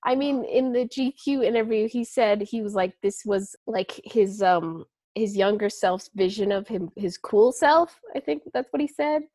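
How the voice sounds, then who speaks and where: A woman's voice: medium pitch, moderate pace, hardly any pauses, mellow, no echo. Giggly, chatty young woman, dry sound. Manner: chatty, giggly, lots of "like" fillers. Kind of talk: casual chat.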